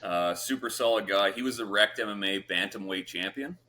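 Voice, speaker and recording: A man's voice: on the low side, normal speed, a little hiss or hum. Easygoing man spinning a war story. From Canada. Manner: relaxed, swears often, lots of fillers. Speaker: podcast guest. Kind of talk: casual storytelling.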